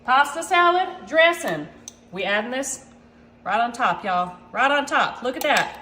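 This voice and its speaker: Chatty high-voiced woman cooking. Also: lively intonation, a little slow, bright, forceful tone. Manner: chatty, keeps addressing viewers as y'all. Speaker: cooking channel host. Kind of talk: casual cooking demonstration. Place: home kitchen. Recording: echoey kitchen with clattering dishes.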